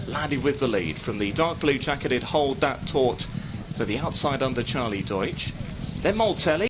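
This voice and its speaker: A man's voice: medium pitch, moderate pace, background noise. Man calling a horse race. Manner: steady running call of the field. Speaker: horse racing commentator. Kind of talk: live race commentary.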